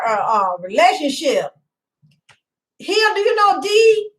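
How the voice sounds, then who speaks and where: A woman's voice: high-pitched, very animated, takes it slowly, long pauses, a bit bright, rough recording. A middle-aged woman hosting a casual home live stream, rambling and chatty, greeting viewers by name and laughing often. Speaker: livestream host.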